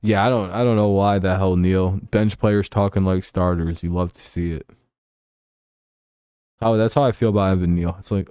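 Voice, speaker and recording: Profane ranting man with a low, dark voice. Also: steady tone, normal speed, clean tone, dry recording, studio quality. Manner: profane, rambling rants. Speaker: sports show host. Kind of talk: casual livestream commentary.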